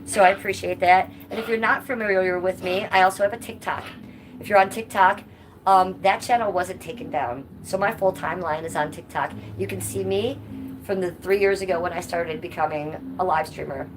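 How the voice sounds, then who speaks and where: A woman's voice: fairly low pitch, fairly even intonation, fairly quick. Chatty woman live streamer, noisy background. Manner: chatty, reads chat aloud and answers viewers. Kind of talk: casual live-stream chat.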